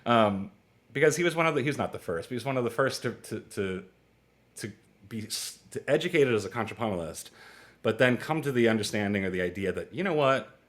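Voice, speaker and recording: Music theory comes from a man in his forties in a chatty, casual lecture to a small online class. He strays into stories, laughs and makes quick asides, and acts out small exchanges with lively shifts in pitch.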